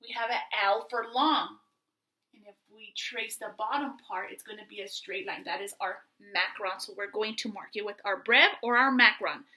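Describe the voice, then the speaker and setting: A woman teaching a remote phonics and reading lesson, speaking slowly and patiently and spelling out sounds for young children. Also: medium pitch, sharp tone, poor audio.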